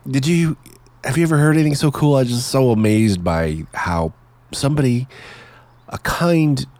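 A man's voice: medium pitch, lively intonation, moderate pace, a little mellow, dry recording. A man from Canada hosting his podcast in casual, chatty talk, laughing easily and sounding enthusiastic. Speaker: podcast host.

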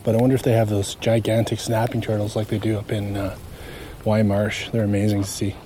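A man with a mellow, dark-toned voice rambles on a walk through a marsh, drifting from story to story and chuckling at his own remarks. He talks casually to his recorder as he walks outdoors, with a faint hum of outdoor ambience behind him. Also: fairly low pitch, monotone, a little fast. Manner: meandering, chatty, self-amused. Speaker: nature walk vlogger.

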